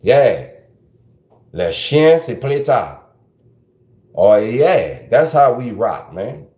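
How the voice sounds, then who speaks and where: A man's voice: medium pitch, very animated, extremely slow, mellow, reverberant. A man with a South Louisiana Creole accent hosting a podcast, talking loosely and rambling, dropping in Creole French phrases. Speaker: podcast host. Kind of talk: casual commentary monologue.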